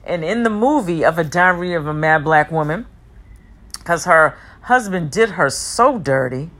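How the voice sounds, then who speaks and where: A woman giving a heartfelt personal motivational talk, emphatic and repetitive, sometimes rushing her words. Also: deep voice, lively intonation, a bit bright. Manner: speeds up and slows down, talks fast at times.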